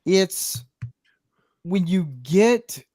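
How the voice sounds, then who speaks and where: A man's voice: high voice, animated, extremely slow, dark tone. Rambling podcast host, a man. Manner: rambling, searches for words. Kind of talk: casual chat.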